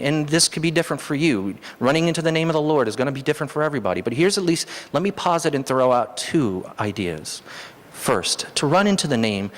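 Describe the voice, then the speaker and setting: A man preaching a sermon as pastor, animated, his voice jumping high for emphasis. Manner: animated, rises sharply in pitch for emphasis. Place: church hall. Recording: long hall reverb.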